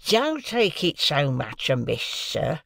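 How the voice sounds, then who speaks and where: A man's voice: on the high side, wildly swooping pitch, slow pace, vocal fry, fairly bright tone, dry recording, studio quality, voice pushed up, exaggerated voice. A man voicing a male prison keeper who pleads and placates an angry passenger in an audiobook. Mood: pleading.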